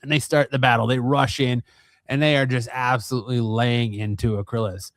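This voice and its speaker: A man's voice: mid-range voice, steady tone, fairly quick, no room sound. Give me an enthusiastic, slangy man recapping comics on a dry, close mic. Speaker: comic book video host.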